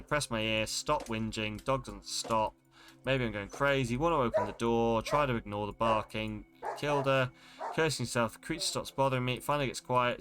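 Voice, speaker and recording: A man's voice: mid-range voice, fairly bright tone. A man streaming a game, reading its text aloud in a dramatic way and breaking off with startled exclamations. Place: home streaming setup.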